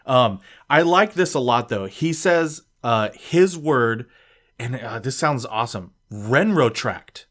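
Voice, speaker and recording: A man's voice: mid-range voice, animated, takes it slowly, a bit bright. A man co-hosting a casual podcast, reading listener tweets aloud and rambling with many fillers. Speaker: podcast co-host.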